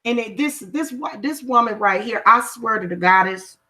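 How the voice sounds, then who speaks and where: Speaking at a moderate pace, this woman has a bright, forceful voice that sits on the high side. A reader and spellworker, she talks casually to her livestream audience, getting confrontational and emphatic and restating her points for stress.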